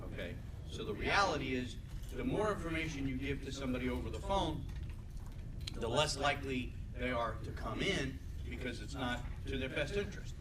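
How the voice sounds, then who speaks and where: A man teaching a sales training class in a casual lecture style, often checking in with "okay?". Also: medium pitch.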